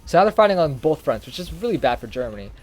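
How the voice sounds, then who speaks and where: A young man chats through a history lesson while he plays an online game. His slightly high voice jumps about lively in pitch. He rambles, trips over words and backtracks often. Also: fast. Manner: rambling, animated, self-correcting. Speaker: gaming YouTuber. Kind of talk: casual history explainer over gameplay.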